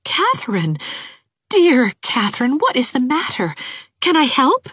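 A woman's voice: mid-range voice, wildly swooping pitch, moderate pace, a bit bright, slightly rough, no echo, studio quality, pitched above the performer's own voice, full character voice. Woman doing an earnest, eager young woman. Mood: alarmed. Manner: earnest, imploring. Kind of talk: audiobook character voice.

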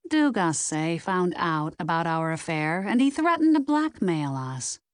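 A woman's voice: on the low side, sing-song, a little slow, dry recording, clean studio sound. A woman voicing a defensive, flustered woman who has been caught having an affair.

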